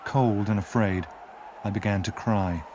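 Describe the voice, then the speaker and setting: A man narrating a classic novel aloud as an audiobook reader, expressive and measured. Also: lowish voice, noisy background. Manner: expressive storytelling, measured pace. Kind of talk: scripted narration.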